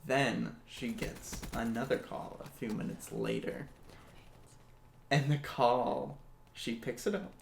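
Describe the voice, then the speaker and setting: A man's voice: medium pitch, steady tone, takes it slowly, gravelly. A man casually telling a spooky story, jokey and laughing at his own asides, recorded in an echoey room. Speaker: storyteller host. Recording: echoey room, faint hiss.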